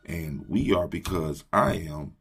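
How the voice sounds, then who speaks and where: A man's voice: low voice, lively intonation, takes it slowly, gravelly, husky, faint music behind. A man hosting a motivational morning talk, leading his listeners in call-and-response and repeating phrases like a preacher. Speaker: host.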